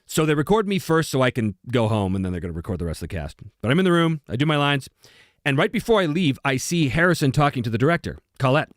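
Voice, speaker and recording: A man with a medium-pitched voice talks fast in a dry, clean studio recording. He's a voice actor hosting a livestream, chatting casually and telling stories as a lively storyteller who laughs easily.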